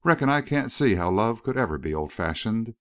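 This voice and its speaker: A man's voice: on the low side, big pitch swings, a little fast, no echo, clean studio sound. A man reading the part of a cool young Western woman with a sweet, drawling voice in an audiobook. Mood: teasing.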